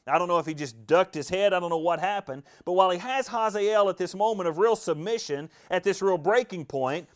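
Dramatic preacher, man, a bit high. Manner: dramatic, acts out quoted lines, swings from loud to hushed. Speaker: pastor. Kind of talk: expository sermon.

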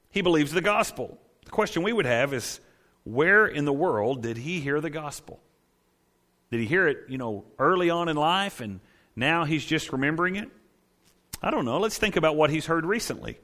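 A man preaching a sermon as pastor, conversational and emphatic, often checking in with his listeners and swinging between loud declarations and hushed asides. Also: fairly high pitch, expressive, moderate pace.

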